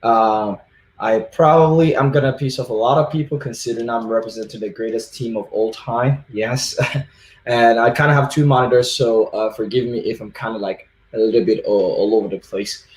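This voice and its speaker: A man from Nigeria giving a relaxed, easygoing tech talk at an online conference. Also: mid-range voice, normal speed, reverberant, slight background noise. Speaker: conference speaker.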